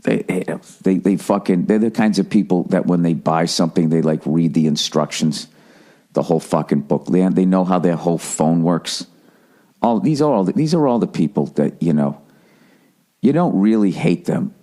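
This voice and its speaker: A middle-aged American podcast host with a low, dark voice delivers a comic rant at normal speed. He swears heavily and restarts his sentences often.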